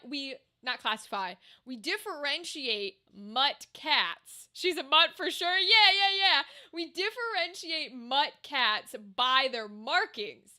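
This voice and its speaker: A woman's voice: sits high, bright, forceful tone. A woman livestreaming, chatting loosely with her viewers and reading their messages, rambling and swearing casually. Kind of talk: casual chat with chat.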